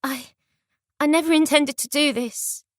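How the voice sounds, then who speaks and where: A woman voicing a nervous young woman posing as an heiress, speaking in a high, wobbly, shaky voice. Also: steady tone, unhurried, dry recording, studio quality. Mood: frightened.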